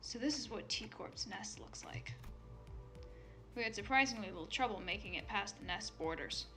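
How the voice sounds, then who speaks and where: A woman's voice: mid-range voice, expressive, normal speed, music in the background. A woman from the United States reading a game story aloud and breaking off into swearing asides. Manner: reads narration, then breaks off into swearing asides. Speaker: fan reader of a game story. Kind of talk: casual dramatic reading.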